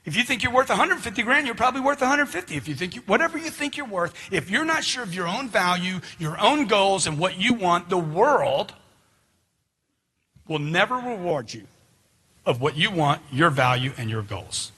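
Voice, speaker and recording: A middle-aged man giving a forceful, preachy motivational seminar talk, firing questions at the crowd. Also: high voice, big pitch swings, normal speed, breathy edge. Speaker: motivational speaker.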